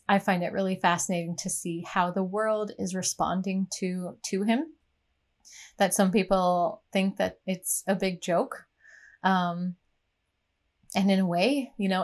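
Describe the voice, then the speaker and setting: A woman talking to camera in an earnest, reflective personal monologue, unhurried, with frequent ums and uhs. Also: fairly low pitch. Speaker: vlogger.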